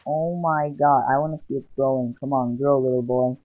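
A man hosting his gaming channel, giving casual, rambling commentary over his gameplay and often exclaiming with excitement. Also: medium pitch, moderate pace, hardly any pauses. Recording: dull lo-fi sound. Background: faint background music.

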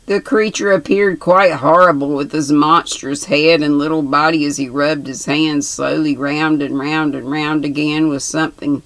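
A woman in her sixties calmly reading a novel aloud. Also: low voice, no room sound, poor audio. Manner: calm, measured reading. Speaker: reader.

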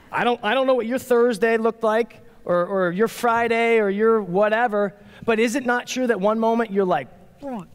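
A man in his forties, a pastor giving a casual, conversational sermon in an animated, playful way. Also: very high-pitched, measured pace, clear, resonant tone. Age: 40s. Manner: animated, playful, acts out quotes. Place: church sanctuary. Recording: long reverb of a large hall.

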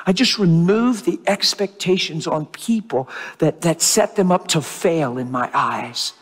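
Male preacher, high voice, earnest and fervent, stumbling restarts, reverberant hall recording. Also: moderate pace. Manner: earnest, stammering restarts, rising to fervent emphasis. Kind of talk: sermon.

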